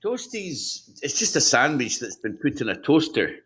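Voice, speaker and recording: A man's voice: medium pitch, very animated, moderate pace, fairly bright tone, breathy edge. A Scottish man chatting on a video call as a guest, hesitant with many ums and restarts. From Scotland. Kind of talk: casual video call chat.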